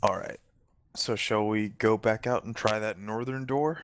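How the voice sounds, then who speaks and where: A man's voice: fairly low pitch, steady tone, unhurried, no echo. A man playing a tabletop game, chatting casually with crude, joking banter. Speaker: player.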